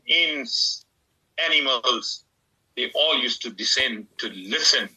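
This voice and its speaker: Man Islamic scholar guest on radio, raspy and very sharp tone, fervent, drawn-out emphasis. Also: on the high side, poor audio. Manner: fervent, stretching words for emphasis. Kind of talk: devotional talk on a radio program.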